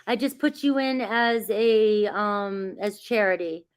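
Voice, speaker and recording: A woman's voice: medium pitch, fairly even intonation, slow, clean tone. Chatty woman reading tarot live. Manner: chatty, greets viewers by name, laughs often; reassuring, grounding spiritual guidance. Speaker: tarot reader. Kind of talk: casual livestream chat.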